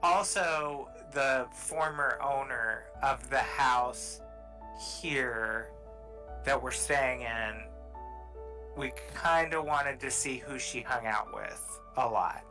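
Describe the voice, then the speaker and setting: Slow-talking man, bright voice. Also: medium pitch, soft background music, low-quality recording. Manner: hesitant, searching for words. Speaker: player. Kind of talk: tabletop game chat.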